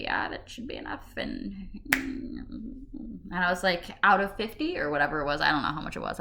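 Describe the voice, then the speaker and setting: A woman in her twenties telling funny stories in a casual vlog, chatty and self-mocking, breaking into sudden shouted tics. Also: on the low side. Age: 20s. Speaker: vlogger. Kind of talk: casual storytelling monologue. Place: home room.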